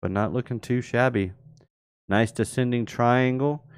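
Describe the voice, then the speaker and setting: Hosting a live crypto market show, a man casually discusses charts and answers viewers in chat. He speaks at medium pitch and a measured pace, in a clean tone with no room sound.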